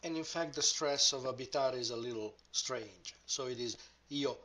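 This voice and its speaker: A man teaching a grammar lesson, speaking deliberately and modelling each example word aloud. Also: mid-range voice, bright, forceful tone. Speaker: language teacher.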